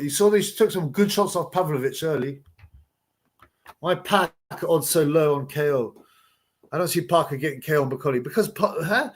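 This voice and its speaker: A man hosting a casual live watch-along, commenting and reading chat in a rambling, crude way. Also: on the high side. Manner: crude, rambling, chuckling at his own jokes. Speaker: livestream host.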